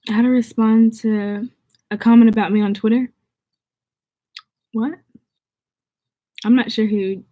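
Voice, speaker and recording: A young woman chats on her livestream in a bubbly, rambling way, reading out viewer comments and answering questions. She comes from the southern United States but has no Southern accent. Her voice sits fairly high. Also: dark tone. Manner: chatty, bubbly, reads comments aloud. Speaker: vlogger. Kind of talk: casual livestream chat.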